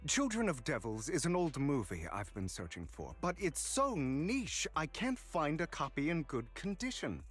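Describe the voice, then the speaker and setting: A man's voice: on the high side, big pitch swings, normal speed, hardly any pauses, faint music behind. An actor playing a refined, courteous male collector in a video game, speaking in a silky, polite manner. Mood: suave. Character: suave refined male collector, smooth flatterer. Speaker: game character.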